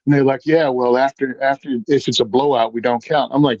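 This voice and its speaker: A man's voice: mid-range voice, a little fast, no room sound, lo-fi sound. A man telling stories in casual chat as a podcast guest, acting out the voices of the people he quotes. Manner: animated storyteller, acts out quoted voices.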